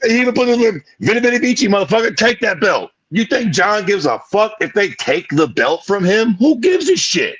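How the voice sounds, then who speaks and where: A man's voice: high voice, very animated, a little fast, few pauses, a bit bright, slightly rough, no echo. Profane ranting man, dry muffled sound. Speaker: podcast co-host. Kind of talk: casual sports chat.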